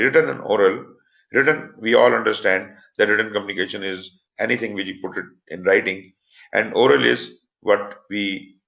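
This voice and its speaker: A man's voice: on the low side, creaky, muffled recording. A man with a Pakistani English accent giving a live online lecture as instructor, explaining points and stressing them with voice inflections. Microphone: computer mic for online class.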